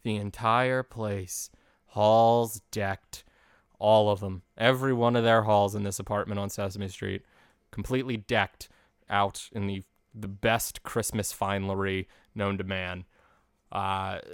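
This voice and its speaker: Male podcast host, late twenties, low-pitched, dry close sound, casual chatty recap voice. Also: smooth, dry recording. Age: late 20s. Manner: chatty, animated storyteller. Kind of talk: casual recap of a holiday special.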